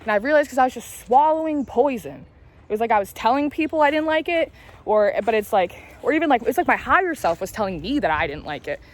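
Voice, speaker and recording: A tarot reader and spiritual vlogger in her late twenties walks as she talks, telling candid, rambling stories, confiding and swearing now and then. Her voice is on the high side, sing-song and fast.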